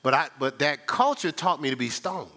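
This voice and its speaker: A man's voice: on the high side, normal speed. An older man preaching a sermon as pastor, telling stories in a conversational way and talking straight to the congregation. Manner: animated storytelling, sound effects and laughter; conversational, addresses the congregation directly.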